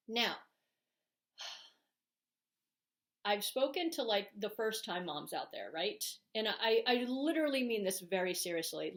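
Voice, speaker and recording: A middle-aged woman speaks straight to camera in a frank, emphatic vlog, her voice sitting a little high for a woman. She presses her points hard and fills the gaps with ums. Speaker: vlogger. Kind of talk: opinionated casual talk to camera.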